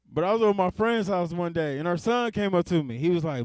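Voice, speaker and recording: A man's voice: high-pitched, lively intonation, normal speed, long pauses, no echo. A young adult man performing stand-up comedy. He talks in a laid-back way and keeps laughing at his own jokes.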